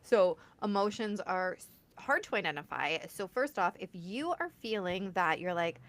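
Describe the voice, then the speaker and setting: A woman in her thirties hosting a casual talk, animated, laughing often and acting out quoted lines. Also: medium pitch, normal speed. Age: 30s. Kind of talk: casual conversational chat.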